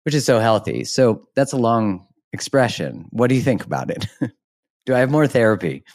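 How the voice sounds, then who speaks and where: A man's voice: medium pitch, very animated, moderate pace, a little mellow, no echo, studio quality. A man hosting a podcast, talking frankly and animatedly, laughing and swearing casually as he shares his views. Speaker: podcast host. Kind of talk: candid conversational interview.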